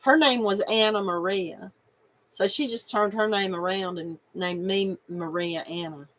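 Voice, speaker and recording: A woman's voice: mid-range voice, unhurried, a bit bright, poor audio. A middle-aged woman, hosting a casual live stream and chatting with viewers, giggly and emotional and laughing often. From North Carolina, USA.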